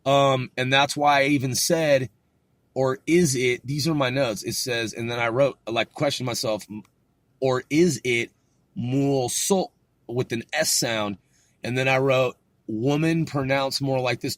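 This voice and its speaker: Rambling, swearing man thinking out loud. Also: medium pitch, dry recording. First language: English. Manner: rambling, self-doubting, swears casually. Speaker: podcast host learning Korean. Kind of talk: casual solo study podcast.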